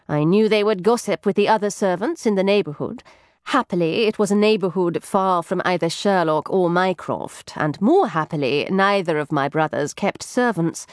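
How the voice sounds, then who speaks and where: A woman reading a first-person novel aloud in a mid-pitched voice, prim and wryly arch. The studio sound is dry and close. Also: dry recording. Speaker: audiobook narrator. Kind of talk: scripted first-person narration.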